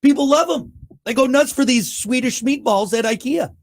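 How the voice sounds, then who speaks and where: A man co-hosting a podcast, chatting casually and riffing with animated emphasis. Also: very high voice, moderate pace, vocal fry. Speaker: podcast co-host. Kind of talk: casual chat.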